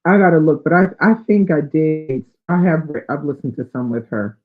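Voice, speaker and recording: A woman's voice: low voice, moderate pace, faint music behind. A woman hosting a live book chat, reading out viewer comments and thinking aloud with fillers. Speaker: book channel host. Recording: tinny, phone-like sound.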